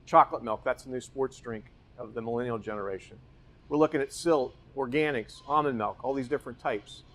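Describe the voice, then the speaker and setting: A man's voice: mid-range voice, fairly quick, fairly bright tone. A man guiding a walking tour through a grocery store, explaining its layout and asking rhetorical questions as he points things out. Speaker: real estate company guide.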